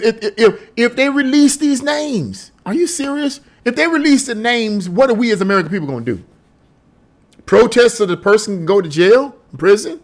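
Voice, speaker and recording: High-voiced, scoffing male commentator. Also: a bit bright. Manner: emphatic, scoffing, full of rhetorical questions. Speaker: political commentator. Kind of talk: casual opinion vlog.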